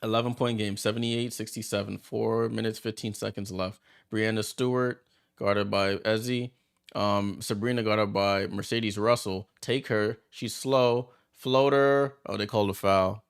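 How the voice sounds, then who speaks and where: A man hosting a watchalong, giving chatty, excitable play-by-play as he reacts aloud to the game. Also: fairly low pitch, measured pace, gravelly, clean tone. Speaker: watchalong host. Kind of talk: casual live play-by-play commentary.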